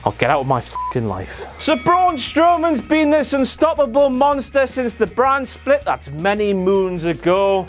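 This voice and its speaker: A man hosting a comedic wrestling recap, sarcastic and profane, slipping into silly voices. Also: very high-pitched. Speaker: host.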